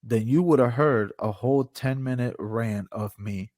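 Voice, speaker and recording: Guy cohosting a wrestling pod, hyped and cussing, mid pitch, dry close mic. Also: measured pace, no room sound. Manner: animated, swears freely, rants with playful bravado. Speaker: podcast co-host. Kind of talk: casual wrestling reaction chat.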